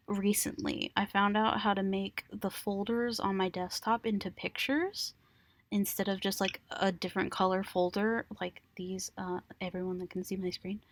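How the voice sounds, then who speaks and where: A woman's voice: mid-range voice, no echo. A young woman co-hosting a casual podcast, rambling through a story with giggles and frequent swearing. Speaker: podcast co-host. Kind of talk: casual chat.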